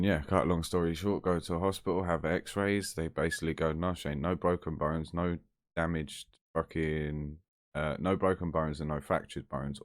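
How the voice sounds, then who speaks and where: A man's voice: a bass voice, no echo, studio quality. A man telling a story to camera in a blunt, chatty, heavily sweary way. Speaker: vlogger.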